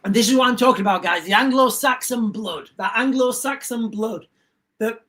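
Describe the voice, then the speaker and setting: An English man hosts a live stream in an extremely high, bright voice with a forceful tone and moderate pace. His casual rant rambles, as he repeats himself and cuts his own sentences short.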